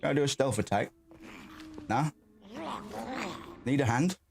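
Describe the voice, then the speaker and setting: A man's voice: medium pitch, measured pace, noisy background. A man hosting a gaming stream, chatting casually and rambling with offhand swearing while he plays. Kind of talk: casual let's-play commentary.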